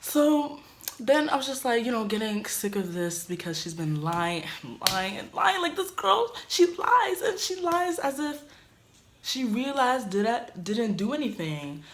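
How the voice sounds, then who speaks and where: A young woman vlogger telling a casual story in a dorm room, animated, swinging from loud outbursts to muttered asides. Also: fairly high pitch, measured pace, slight background noise.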